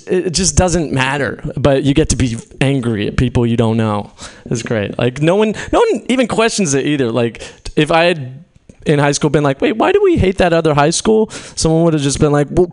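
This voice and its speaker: A young man from California doing a stand-up set in a small venue, rambling, swearing often and laughing at his own jokes. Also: mid-range voice. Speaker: stand-up comedian. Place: small comedy venue with a live audience.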